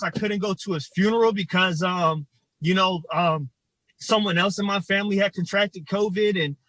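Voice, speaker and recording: Ohio community organizer, man, higher voice, dry close sound, emotional and halting. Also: a bit bright, no room sound, low-quality recording. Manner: halting, emotional, many fillers. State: choked up. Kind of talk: livestreamed protest testimony. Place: outdoors in front of a state capitol.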